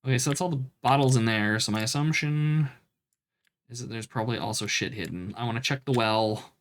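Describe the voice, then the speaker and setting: A man's voice: medium pitch, fairly quick. A man streaming a retro game, chatting casually and swearing while reading game text aloud. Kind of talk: casual let's-play commentary.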